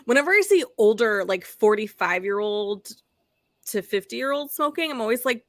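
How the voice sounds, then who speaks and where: A woman under forty-five co-hosting a casual podcast chat, animated and profane, laughing often between quick asides. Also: on the high side, no echo, studio quality. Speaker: podcast co-host.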